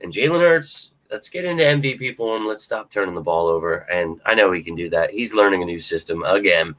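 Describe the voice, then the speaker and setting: A man riffing on a live-stream sports show with a bright, forceful voice that sits on the low side. He talks straight to his viewers, thinks out loud with restarts and swears freely. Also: brisk, rough recording. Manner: animated, swears often, talks to viewers directly; restarts and fillers, thinks aloud. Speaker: sports talk host.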